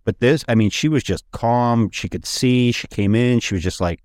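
A man's voice: medium pitch, moderate pace, a little mellow, no room sound, clean studio sound. A man hosting a podcast, telling loose, profane stories in casual chat. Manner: rambling, profane storytelling. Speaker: podcast host.

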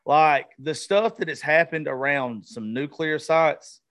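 A man's voice: on the high side, measured pace, a bit bright. A male podcast host in casual, profane chat, often stumbling and restarting his sentences.

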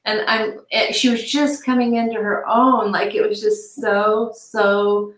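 A middle-aged woman being interviewed, speaking haltingly with many restarts and turning animated when she quotes people. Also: mid-range voice. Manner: animated when quoting others. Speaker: interview guest, victim's aunt. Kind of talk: conversational interview. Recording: echoey room.

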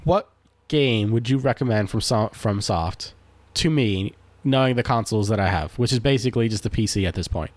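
A man's voice: lowish voice, lively intonation, brisk, darkish tone, no echo. A man co-hosting a casual gaming podcast, telling stories animatedly with lots of swearing and fillers. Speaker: podcast co-host.

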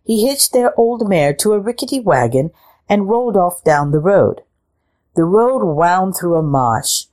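A woman reading a picture book aloud in a slow, expressive storytelling manner. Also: mid-range voice.

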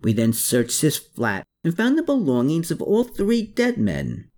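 A man's voice: a little high, huge pitch swings, a little slow, a little mellow, voice pushed up. A man doing a smug, smirking army captain.

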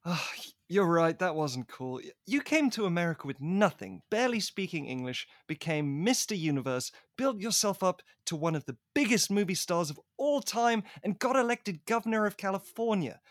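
A man co-hosting a casual movie review podcast, playful and quick to laugh. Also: high voice, expressive, dry recording, studio quality. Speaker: podcast co-host.

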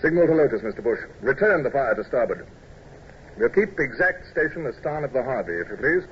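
A man playing a calm naval commodore in an old radio drama, speaking in a dry, measured, officerly way. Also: medium pitch, muffled recording, lightly acted. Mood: wry. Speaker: commodore and first-person narrator. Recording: old radio recording with hiss.

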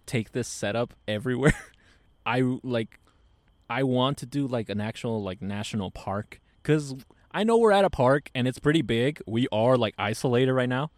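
A man's voice: medium pitch, normal speed, no room sound. Laid-back joking young man, dry sound. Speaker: podcast co-host. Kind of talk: casual chat. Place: outdoors in a park at night. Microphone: podcast microphone.

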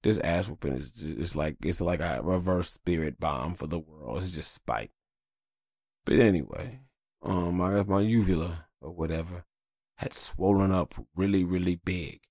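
A man with a low voice hosting a casual solo podcast. He rambles bluntly and swears freely as he talks. The sound is dry, with no room echo. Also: unhurried, darkish tone. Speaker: podcast host.

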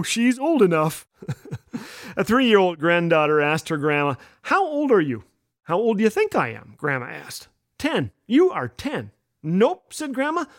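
A middle-aged man hosting a radio show, telling funny stories about children with animated delivery and raised voices for the kids' lines. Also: high voice. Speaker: radio host. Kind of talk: humorous storytelling.

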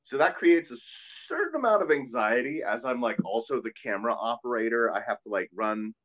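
Earnest talkative priest, muffled sound. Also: male voice, mid-range voice, sing-song, fairly quick. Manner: earnest, talkative, self-deprecating. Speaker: Catholic priest. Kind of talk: casual podcast chat.

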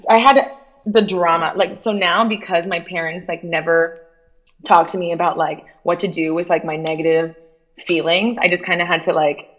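A woman's voice: lowish voice, fairly even intonation, moderate pace, a bit bright. A young woman talking casually on a podcast, rambling with frequent filler words and loose swearing. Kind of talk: casual chat.

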